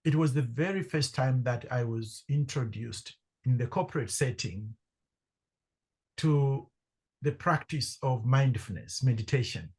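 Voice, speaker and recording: A middle-aged man from Zambia, a podcast guest telling a personal story with lively acted-out dialogue. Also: mid-range voice, unhurried, husky. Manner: animated storyteller acting out quoted voices. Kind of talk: storytelling in conversation.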